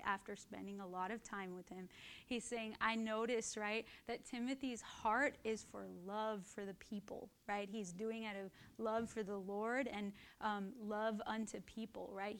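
A woman teaching from the Bible in a conversational way, often checking in with "right?" and getting lively and laughing as she tells stories. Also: medium pitch. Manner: animated and laughing while telling stories.

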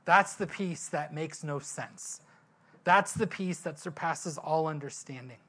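A man's voice: fairly high pitch, measured pace, a bit bright, slightly rough. A male pastor giving a sermon in a conversational, storytelling way, asking the listeners questions.

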